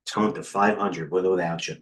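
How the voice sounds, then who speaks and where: A middle-aged man hosting a live trading stream, talking in a rambling, excitable way and chatting with viewers. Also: deep voice, fairly quick. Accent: New York. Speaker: trading coach hosting a livestream. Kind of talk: casual live market commentary.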